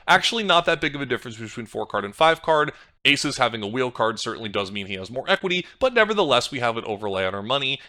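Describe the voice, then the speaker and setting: Bright-sounding guy walking through poker sims, analytical, thinks out loud and restarts words. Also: fairly low pitch. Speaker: poker coach. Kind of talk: screen-share hand review.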